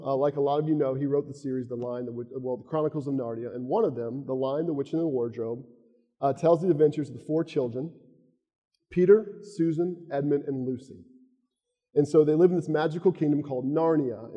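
A man's voice: on the high side, mellow, big-room sound. A man with a Southern US accent preaching a sermon, earnest and a bit rambling.

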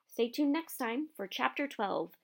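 A woman reading a novel aloud chapter by chapter, narrating in a steady storytelling manner. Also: fairly high pitch, measured pace, creaky. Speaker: audiobook reader.

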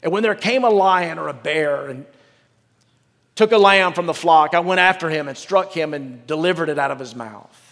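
A man's voice: a little high, normal speed, a bit bright, big-room sound. A pastor preaching a sermon. He reads scripture aloud and breaks off into candid, joking asides. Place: large church with a balcony.

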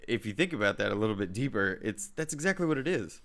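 A man in a casual podcast chat, telling animated stories, acting out quotes and swearing casually. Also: on the low side, quick pace.

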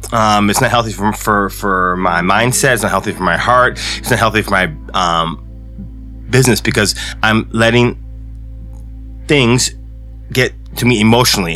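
A man's voice: on the low side, bright, forceful tone. A man hosting a solo business podcast, talking earnestly with many restarts and repeated words as he coaches listeners. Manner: earnest, rambling with frequent restarts. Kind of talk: solo motivational podcast talk.

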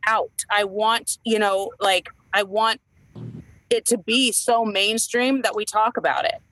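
A woman's voice: mid-range voice, steady tone, a little slow, fairly bright tone, a little hiss or hum, low-quality recording. A woman in her thirties, an entertainer co-hosting a casual chat, talking in a rambling way with many fillers and restarts. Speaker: podcast co-host, entertainer.

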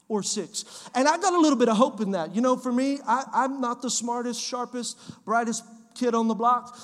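A man preaching a sermon as pastor of his church, repeating phrases and building to shouts. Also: very high-pitched. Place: church sanctuary. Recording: long hall reverb.

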